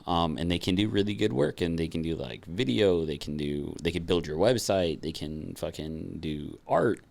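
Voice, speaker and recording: A man with a low, deep voice co-hosting a podcast in relaxed conversation. He talks loosely and swears often, with plenty of "um" and "like" between his thoughts. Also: moderate pace, vocal fry. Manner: loose and profane, frequent fillers. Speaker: podcast co-host. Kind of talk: casual chat.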